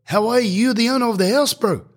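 A man putting on a high, drawling voice for a big, easygoing male Māori builder with a New Zealand Māori accent. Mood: laid-back. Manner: drawn-out "bro" and "eh" tags, easygoing.

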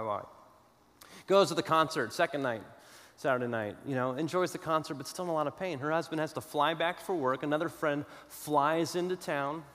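High-voiced preacher in an echoing hall. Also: male voice. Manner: storytelling, dramatic pauses, shifts between loud and hushed. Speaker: pastor. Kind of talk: sermon. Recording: long hall reverb.

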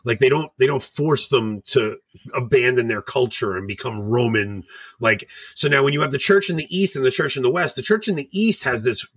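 A man's voice: mid-range voice, animated, brisk, fairly bright tone, slightly rough, no echo. A man hosting a casual review podcast, joking and rambling as he walks through scenes. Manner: joking, rambling, self-mocking. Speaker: podcast host.

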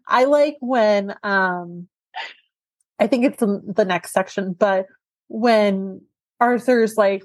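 A woman's voice: mid-range voice, slow pace, no echo, low-quality recording. A woman co-hosting a podcast over a video call, reading out a plot summary and then chatting casually with laughs. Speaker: podcast co-host. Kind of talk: casual chat and chapter summary.

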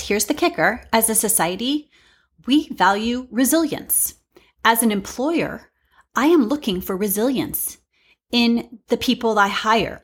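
A woman in her forties hosts a reflective monologue. Her voice is husky and breathy at a middle pitch. She talks frankly and earnestly, weaving in casual storytelling asides. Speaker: podcast host.

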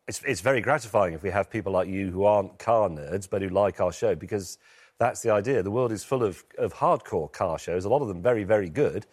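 A man's voice: fairly low pitch, a little fast, a little mellow, slightly rough. A British man speaking as an interview guest over a remote link, hesitant and full of fillers, with a dry, wry way of putting things. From Britain. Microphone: remote line from London.

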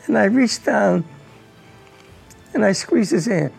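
A very old man with a high, deeply gravelly voice tells his memories haltingly, doubling back on words as emotion catches in his throat. Faint music plays underneath. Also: a little mellow, low-quality recording. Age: 90s. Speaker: war veteran. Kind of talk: recounting personal war memory.

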